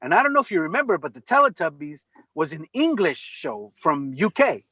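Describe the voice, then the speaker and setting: A man chatting casually over a video call, telling animated stories and swearing freely. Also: on the high side, a little fast, husky, no room sound. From California. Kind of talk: casual chat.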